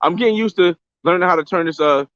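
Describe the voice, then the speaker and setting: A man's voice: sits high, fast, smooth, dry recording. Give me a young man chatting slangy on a phone live stream, dry close sound. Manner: loose slangy talk, shout-outs to viewers. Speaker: live-streaming travel vlogger. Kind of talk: casual live-stream chat. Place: outdoors on a beach by a boat landing. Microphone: phone camera held by hand. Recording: slightly dull lo-fi phone audio.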